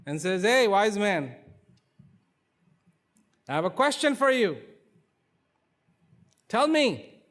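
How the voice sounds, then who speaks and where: A man voicing an indignant king who shouts his outrage, pitched far above his own voice. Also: big pitch swings, brisk, hardly any pauses. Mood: eager. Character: furious proud king, adult man.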